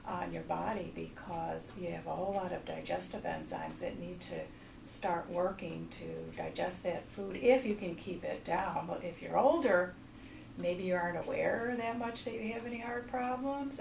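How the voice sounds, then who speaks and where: A woman giving cautious, measured health advice in an interview. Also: lowish voice, vocal fry, darkish tone. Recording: echoey, distant, noisy.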